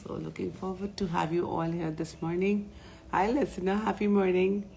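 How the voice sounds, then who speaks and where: Woman, low voice, life coach, live morning session, playful, greets viewers by name. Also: level tone, normal speed, gravelly, darkish tone, a little hiss or hum.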